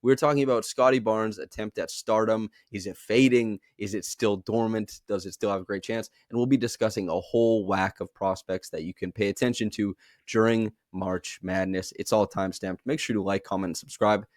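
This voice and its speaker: A man's voice: on the low side, fairly even intonation, moderate pace, hardly any pauses, no room sound, studio quality. A man in his twenties hosting a casual podcast, joking and rambling through introductions. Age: 20s. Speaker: podcast host.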